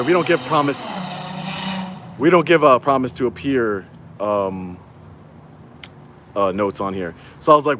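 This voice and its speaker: An indignant man recounts events to his viewers in a casual vlog, talking into a handheld phone outside on a city street. His voice sits in an ordinary middle pitch, and faint traffic and urban ambience hum behind him. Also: animated, normal speed, long pauses, a bit bright. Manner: indignant, rising to angry rhetorical questions. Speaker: citizen auditor and channel host.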